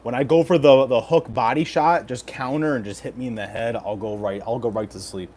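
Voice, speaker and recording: This thirties man streams casually, cracking jokes and swearing while he reads chat aloud and discusses fight picks. He talks briskly at a medium pitch, his voice a little mellow, with slight hiss or hum in the recording.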